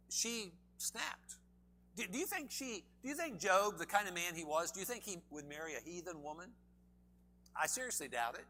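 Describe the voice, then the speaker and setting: A man's voice: sits high, pushed and bright, slight background noise. A man preaching a sermon in a church, emphatic and full of questions to the congregation. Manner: emphatic, asks the audience many questions.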